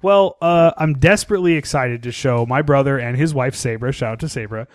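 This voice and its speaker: A man's voice: mid-range voice, brisk, no room sound. A young man hosting a casual horror podcast, goofy and laughing at himself. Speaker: podcast host.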